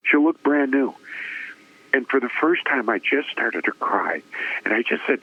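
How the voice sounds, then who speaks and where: A man's voice: medium pitch, animated, unhurried, breathy edge. A man, a former radio personality, telling an emotional personal story as an interview guest, acting out the voices of the people in it. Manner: dramatic storyteller who acts out quoted voices; emotional, voice rising with feeling. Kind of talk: personal testimony in conversation. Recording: tinny phone-line sound.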